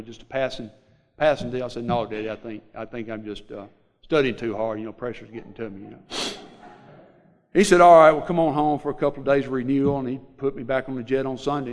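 A middle-aged man with a Southern US accent, telling a personal recovery story to a group in a halting, rambling way, full of fillers. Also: mid-range voice. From Mississippi Delta, USA. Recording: long hall reverb.

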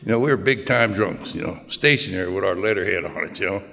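A man's voice: deep voice, animated, fast talker, creaky, pushed and bright. An older man telling his own story in a folksy, plain-spoken way with self-mocking humor. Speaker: speaker sharing his story. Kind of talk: personal storytelling talk. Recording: long hall reverb.

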